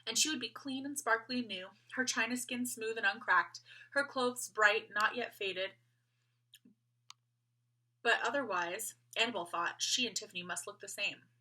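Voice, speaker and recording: A woman reading a children's book aloud, gentle and expressive. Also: fairly high pitch, normal speed. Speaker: storyteller.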